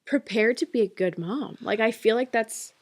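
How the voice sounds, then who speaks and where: A woman's voice: on the high side, normal speed. A woman in her twenties, a podcast co-host, chatting casually and emotionally with many fillers. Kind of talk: casual chat.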